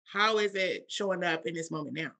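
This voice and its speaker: A woman's voice: lowish voice, a little fast, bright, forceful tone. A woman co-hosting a podcast as a coach, asking probing questions and reflecting answers back in a playful, casual way.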